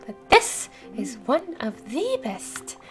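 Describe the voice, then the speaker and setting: A woman voicing a warm, coffee-loving spirit woman from a cozy game, in a hearty, gushing way that stumbles as she reads the dialogue aloud. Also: high-pitched, big pitch swings, slow, soft background music, full character voice.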